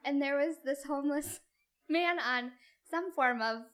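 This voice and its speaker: A young woman, a podcast co-host, telling stories in animated casual chat and giggling often. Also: high voice, a little slow, slight background noise.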